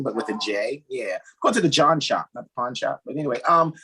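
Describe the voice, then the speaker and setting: A man's voice: mid-range voice, fairly quick, few pauses, pushed and bright, husky. A man hosting a casual group video call, joking around, laughing often and drifting into rambling asides. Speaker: host.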